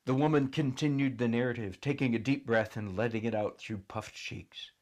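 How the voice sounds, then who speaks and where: A man narrating a storybook in an expressive, dramatic reading style. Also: medium pitch, moderate pace.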